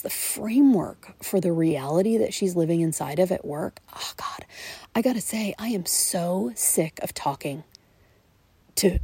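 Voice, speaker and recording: A woman's voice: deep voice, dark tone, breathy edge, dry recording. A woman in her late forties hosting a solo podcast, talking reflectively and often dropping into a whisper. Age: 40s. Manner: reflective, frequently whispering and laughing. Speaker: podcast host. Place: outdoors in a backyard at night.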